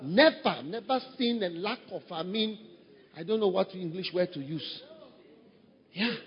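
A pastor preaching a sermon, breaking into high shouted mimicry of people he describes. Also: lively intonation, unhurried, in a large hall, lo-fi sound. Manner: acts out quoted voices, shouting high mimicry.

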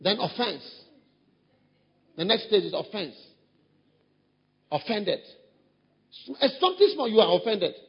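High husky preaching man. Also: sing-song, unhurried, long pauses, big-room sound, dull audio. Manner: acts out quoted voices, shouting high mimicry. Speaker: pastor. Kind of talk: sermon.

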